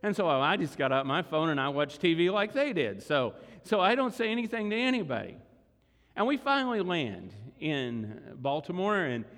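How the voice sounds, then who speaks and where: A man's voice: a little high, big pitch swings, moderate pace, a bit bright. A man, preaching and telling a story conversationally to his congregation. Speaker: pastor. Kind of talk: sermon storytelling. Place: large church hall. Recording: long hall reverb.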